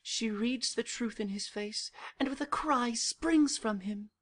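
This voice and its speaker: Husky woman reading stage directions. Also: a little high, a little slow. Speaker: narrator.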